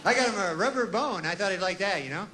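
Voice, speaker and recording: A man doing a deadpan, rambling stand-up comedy monologue, full of asides and folksy fillers, on a comedy stage. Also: high voice, fast talker, a faint crowd. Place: comedy stage with a live audience.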